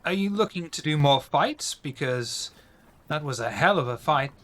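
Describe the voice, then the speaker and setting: A man's voice: a little high, animated, normal speed, noisy background, lightly acted. A man voicing a scheming male vampire fight promoter with a mock Russian accent. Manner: half-hearted Russian-ish accent.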